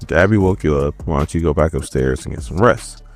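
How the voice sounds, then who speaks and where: A man doing a gruff, doting superhero dad. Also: a bass voice, a little fast, faint music behind. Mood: stern.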